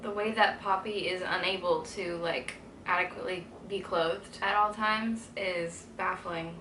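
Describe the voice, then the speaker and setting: A woman's voice: lowish voice, fairly even intonation, measured pace, reverberant, noisy background. A young woman chatting casually to camera in a reading vlog, giggly and full of "like" fillers. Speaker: reading vlogger. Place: indoors during a stay abroad.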